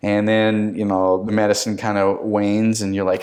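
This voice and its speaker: A male podcast host telling a personal story in a conversational interview, lively and acting out the quoted lines. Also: on the low side, normal speed. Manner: animated anecdote-teller who acts out quotes.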